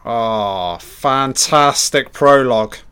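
A man's voice: medium pitch, slow pace, bright, forceful tone, clear, resonant tone. A man giving a casual, profane, enthusiastic audio commentary over a film.

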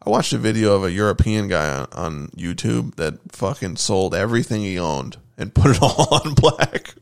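A man's voice: fairly low pitch, lively intonation, normal speed, creaky, smooth. A man co-hosting a casual podcast, joking and riffing with plenty of swearing. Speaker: podcast co-host.

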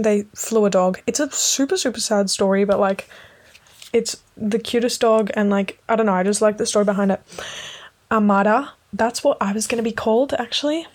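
A woman rambling casually in a late-night podcast episode, giggling often and swearing freely, sometimes dropping to a hushed voice. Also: medium pitch. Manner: drops to a hushed voice at times. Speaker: podcast host.

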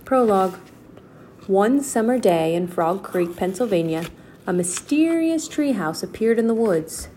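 A woman reads a children's chapter book aloud in a steady, clear voice. Her pitch sits in a comfortable middle range. A faint hiss stays in the background. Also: a little slow. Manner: steady, clear storybook narration. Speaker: storyteller.

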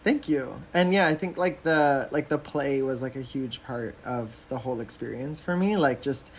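A man's voice: mid-range voice, moderate pace, slight background noise. A man from Canada, a drag performer, chatting casually as a podcast guest, with many fillers and frequent laughs.

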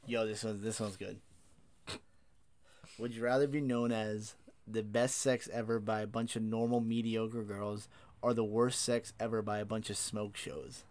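A man's voice: lowish voice, flat delivery, unhurried, a little mellow. A man in his twenties co-hosting a casual podcast chat, blunt and swearing, reading out questions. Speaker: podcast co-host.

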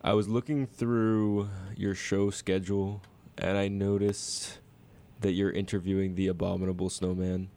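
Guy playing a chill snowman, deep voice, flat and matter-of-fact, comedy bit. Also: a little slow. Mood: indignant. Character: laid-back male snowman guest. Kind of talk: improvised comedy interview.

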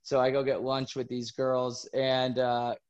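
A podcast host casually telling a story, animated and laughing through it. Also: male voice, medium pitch, a little slow, smooth, lo-fi sound.

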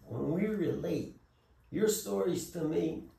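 A man's voice: fairly high pitch, takes it slowly, gravelly, warm tone, reverberant, recorded from a distance. A man in casual chat, blunt and swearing, chiming in on the talk.

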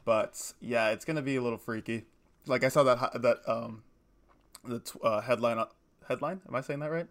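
Fast-talking young man, rambling. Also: medium pitch. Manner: fast, rambling, self-correcting storyteller. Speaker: podcast co-host. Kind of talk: casual chat.

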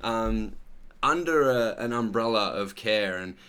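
A man's voice: on the low side, lively intonation, measured pace, clean tone. Man hosting a heartfelt chat. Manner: warm-hearted, rambling, heartfelt. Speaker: podcast host. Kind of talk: casual interview chat.

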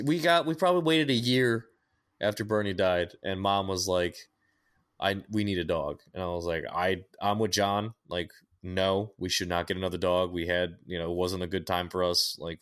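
A young adult man, co-hosting a podcast and telling a story in casual chat, profane and animated with many restarts. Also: deep voice, moderate pace. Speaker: podcast co-host.

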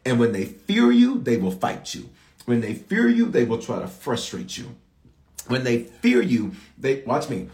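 A man preaching as a bishop, his pitch swinging up and down as he drives his points home to the congregation. He keeps calling on them to answer back. His voice rings around an echoey church sanctuary. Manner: animated, calls out to the congregation for response. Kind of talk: sermon.

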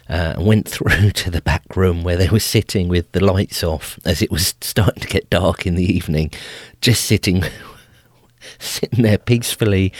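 A man with a low, deep voice tells family stories in a relaxed, chatty way. He chuckles often and restarts his sentences. The sound is dry and close to the mic. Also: no room sound. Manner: amused, laughs often, frequent restarts. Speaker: podcast host. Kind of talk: casual storytelling.

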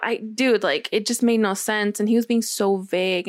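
A young woman casually telling a long personal story, acting out what was said with lively quoting. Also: on the high side, a little fast, few pauses, no echo, clean studio sound. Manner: animated storytelling, acts out quotes. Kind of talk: casual chat.

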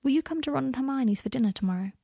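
A gentle, earnest young wizard speaks quietly, often close to a whisper, voiced by a woman reading a fan fiction audiobook. The voice is husky with a slight creak. The sound is dry and close to the mic. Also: sits high, lively intonation, very fast, dry recording, voice pushed up, heavily acted. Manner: soft, hushed, often whispered.

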